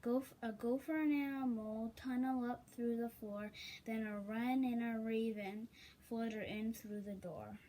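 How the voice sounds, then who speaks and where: A woman reading a children's picture book aloud, unhurried, with chatty asides to listeners. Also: on the high side, steady tone, mellow, slight background noise, poor audio. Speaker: story reader.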